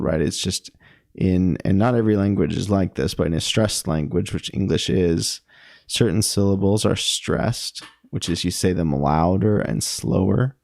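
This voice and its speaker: Young man, unhurried, dry close sound, thinking aloud about verse with lots of ums. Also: low voice, vocal fry, darkish tone, no echo. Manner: musing, halting, many ums and self-corrections. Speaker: poetry commentator. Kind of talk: casual spoken analysis.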